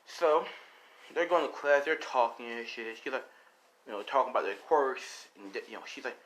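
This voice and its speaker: A man's voice: mid-range voice, expressive, normal speed, a bit bright, low-quality recording. A young man improvising a fan story, rambling with lots of filler and casual slang. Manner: rambling, full of "you know" and "he's like".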